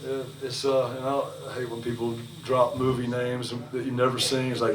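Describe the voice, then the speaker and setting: A man's voice: mid-range voice, monotone, a little slow, long pauses. Rambling man chatting from the stage. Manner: rambling, swearing, chuckling storyteller. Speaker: singer-songwriter and bandleader. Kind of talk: between-song stage banter. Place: restaurant music venue on stage. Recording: echoey live room from far off.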